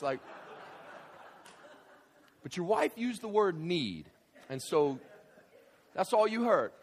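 A male pastor preaches in church with a fairly high, very lively voice. He tells stories with animated energy and swings between conversational asides and emphatic, shouted points. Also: slow, pauses often. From Southern United States. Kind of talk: sermon.

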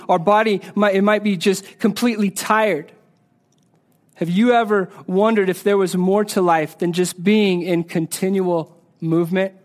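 A man preaching a sermon in a church, earnest, often repeating words and dropping soft and low on key phrases. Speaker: pastor.

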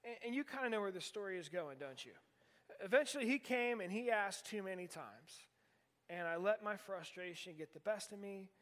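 A man of about forty preaching in a church sanctuary, with a notably high voice. He tells stories in a candid way and slips in self-deprecating jokes. His words ring out with a long hall reverb. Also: lively intonation, normal speed, fairly bright tone. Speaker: pastor. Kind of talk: sermon.

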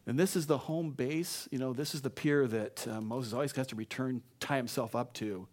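A man's voice: medium pitch, moderate pace. A man in the pulpit with a mid-range voice, preaching a sermon. He reads scripture aloud with emphatic, repeated phrases, then slips into casual asides full of restarts. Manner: conversational asides with frequent restarts. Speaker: pastor.

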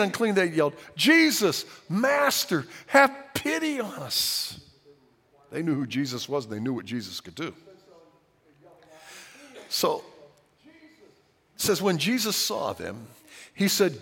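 A man preaching with lively, swooping pitch that drops to near-whispers and rises to loud cries. His voice rings out with a long hall reverb, as in a large church. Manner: dramatic, swings from hushed to shouting. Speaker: pastor. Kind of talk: sermon.

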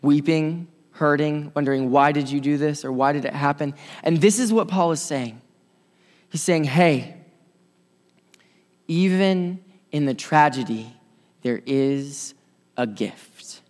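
A man's voice: fairly high pitch, takes it slowly. Impassioned preacher man in a reverberant hall. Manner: impassioned preaching, swinging between loud and soft. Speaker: pastor. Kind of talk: sermon.

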